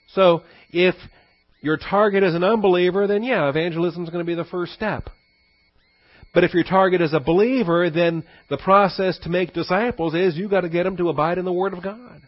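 A man's voice: a little high, moderate pace, no echo, highs cut off. A man, a pastor, giving a conversational teaching sermon with frequent fillers and asides.

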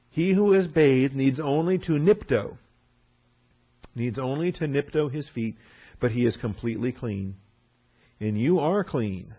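A man teaching a Bible class verse by verse, who acts out the people he quotes. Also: medium pitch. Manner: lively, acts out quotes with a raised voice. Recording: dull lo-fi recording.

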